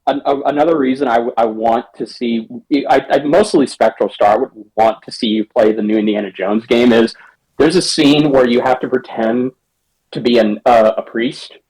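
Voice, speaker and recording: A man's voice: mid-range voice, steady tone, moderate pace, darkish tone, breathy edge, low-quality recording. A man co-hosting a podcast in casual chat, rambling with many restarts as he retells a story. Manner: rambling, restarts, acts out lines in raised voices. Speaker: podcast co-host.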